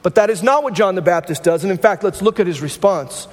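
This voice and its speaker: A man preaching a sermon to his congregation in a lightly high voice, talking with them in a conversational way and checking in with frequent rhetorical questions. His words ring out with a long reverb from a church sanctuary. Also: fast. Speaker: pastor.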